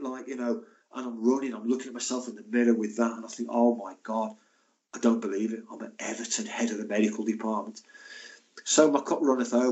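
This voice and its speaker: An older man, a former footballer and physio, telling lively stories as a podcast guest and acting out the people in them. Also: mid-range voice, highs cut off. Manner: lively, acts out the voices in his stories; chatty, frequent asides like "mate" and "and that". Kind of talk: anecdotal storytelling.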